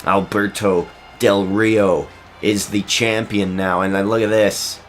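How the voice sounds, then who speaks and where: A man giving excitable play-by-play commentary over a wrestling video game, his voice going hoarse. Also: fairly low pitch, slow, faint music behind. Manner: excitable, shouts at big moves.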